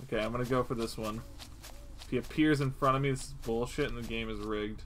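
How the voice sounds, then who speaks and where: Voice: mid-range voice, steady tone, quick pace, a little hiss or hum, rough recording. A young adult streamer giving live gameplay commentary, swearing often, laughing at the game and talking straight to the enemy.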